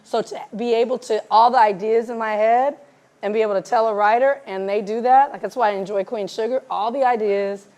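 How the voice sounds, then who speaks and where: Animated woman from South LA, fairly high voice. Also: a little fast. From South Los Angeles, USA. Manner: animated, laughs often, acts out conversations. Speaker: guest filmmaker. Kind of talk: live Q&A conversation.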